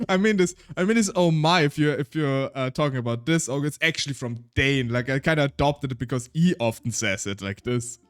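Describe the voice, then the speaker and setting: A man's voice: mid-range voice, lively intonation, brisk, hardly any pauses, clear, resonant tone. A man streaming a game, chatting casually and reading its text aloud, laughing often and tripping over his words.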